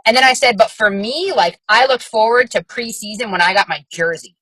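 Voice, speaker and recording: A woman with a slightly raised, husky voice talks to her team in a frank, chatty way, filling her sentences with fillers as she coaches. The sound is dry and close, with no room around it. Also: a little high, brisk, sharp tone, dry recording, rough recording. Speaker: fitness coach on a team call. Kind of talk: casual coaching talk.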